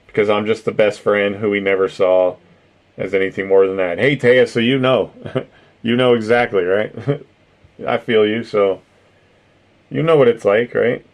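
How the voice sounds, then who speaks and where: Brief: middle-aged male streamer, low-set voice, loose rambling chat with laughs and casual swearing. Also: steady tone, a little slow, pauses often. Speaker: streamer host reading chat.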